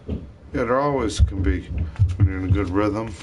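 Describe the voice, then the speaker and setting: A man's voice: lowish voice, moderate pace, a little mellow, slight background noise. A man talking alone in a rambling vlog monologue, swearing often and drifting between thoughts. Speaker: vlogger.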